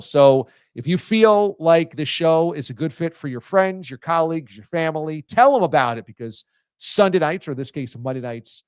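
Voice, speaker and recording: A man in his forties hosting a live sports talk show, telling stories with lively delivery and frequent laughs. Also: mid-range voice, clean tone, no echo. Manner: lively, storytelling, laughs often. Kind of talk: casual live show chat.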